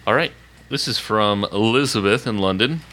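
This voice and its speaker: Playful male podcast co-host, low pitch, bright forceful tone, reads fan mail. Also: moderate pace, a little hiss or hum, poor audio. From Oklahoma. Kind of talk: casual podcast chat, reading listener emails.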